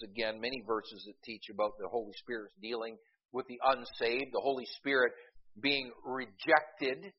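A male pastor preaching in a middle-pitched voice. He drops to quiet, halting asides, then climbs to loud, forceful peaks, and he stumbles over repeated words as he goes. The recording sounds dull and lo-fi. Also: husky. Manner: rising to loud emphatic peaks, with stammered restarts. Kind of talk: sermon.

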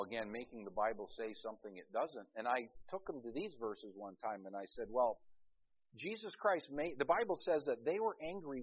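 Husky conversational man preaching. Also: mid-range voice, lo-fi sound. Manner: conversational storytelling with many fillers and restarts. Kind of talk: sermon.

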